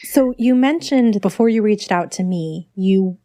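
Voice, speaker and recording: A woman hosting a podcast, asking gentle, attentive interview questions. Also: mid-range voice, unhurried, no room sound. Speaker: podcast host.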